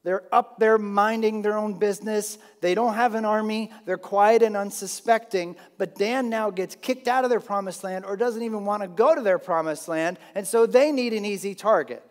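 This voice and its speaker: A man teaching a Bible lesson in an animated, conversational way with frequent restarts. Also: high-pitched, normal speed, hardly any pauses. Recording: long hall reverb.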